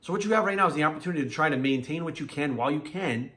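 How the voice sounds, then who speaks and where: A man's voice: fairly high pitch, lively intonation, racing, sharp tone. A man, a fitness coach ranting bluntly to his viewers with lots of swearing. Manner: blunt, profane and preachy. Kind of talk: casual vlog rant.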